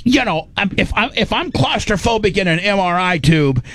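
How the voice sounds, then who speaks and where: A man's voice: high voice, lively intonation, normal speed, a bit bright, dry recording. A middle-aged man hosting a radio show, telling a story in casual on-air chat with frequent restarts, acting out his own panicked inner voice.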